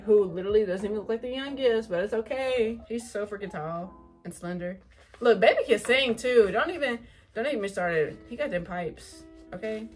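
A young woman gushing over an album unboxing in casual chat, excitable, swearing and full of fillers. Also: mid-range voice.

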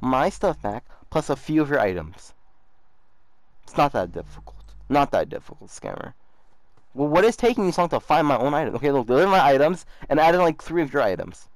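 A young man with a fairly high, sing-song voice chats casually and briskly while gaming, teasing and mocking another player. He's a YouTuber trolling a scammer, repeating himself often and saying "bro" a lot, in a dry recording.

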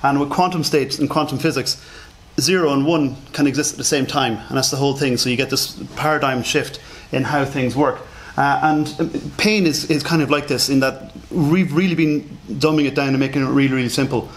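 A man with an accent delivers a conference lecture in an informal, self-deprecating way, sprinkling his talk with fillers. His voice sits at an ordinary pitch, and a faint hiss runs under it. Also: fairly even intonation, brisk, hardly any pauses. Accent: non-standard English accent. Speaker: conference speaker.

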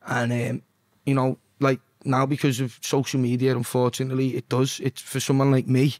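A man's voice: mid-range voice, monotone, normal speed, a little mellow, no echo. A young man with a Liverpool accent, a singer chatting as a podcast guest, swearing freely and often asking "do you know what I mean". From Liverpool, England. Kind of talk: casual interview chat.

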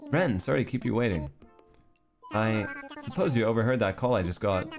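A man's voice: on the low side, animated, moderate pace, over music. A man reading the lines of a polite, businesslike raccoon shopkeeper from a cartoon life game. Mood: courteous. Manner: reads the game text aloud courteously.

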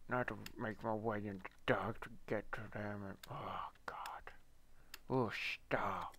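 Young male gamer, low gravelly voice, slow mumbled play commentary with swearing and panicky yelps, keyboard clicks behind. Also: steady tone, a bit bright, a little hiss or hum. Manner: muttering to himself, swearing, panicky outbursts.

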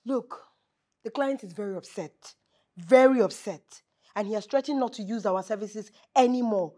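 An actress playing a firm but caring supervisor, speaking earnestly in a film drama. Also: female voice, medium pitch, normal speed, mellow, close to an everyday voice.

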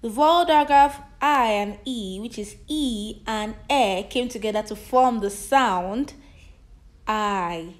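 A woman teaching a phonics lesson to children, sounding out letters and words slowly and repeating each one several times. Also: a little high.

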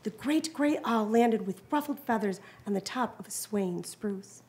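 A woman reading a children's picture book aloud to a child, animated and encouraging. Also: medium pitch, unhurried.

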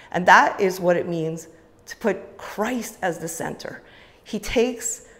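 A woman speaking casually and with enthusiasm to a church congregation, with many fillers. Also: on the low side. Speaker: church leader giving the offering talk. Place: church sanctuary. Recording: long church hall reverb.

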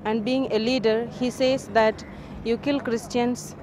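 Grave nun over traffic noise. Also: female voice, a little high, steady tone, a little slow. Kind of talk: interview testimony.

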